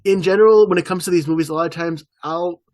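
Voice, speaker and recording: A man co-hosting a podcast, chatting casually in a rambling way with quick asides. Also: high-pitched, a little mellow, no echo. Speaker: podcast co-host. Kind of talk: casual chat.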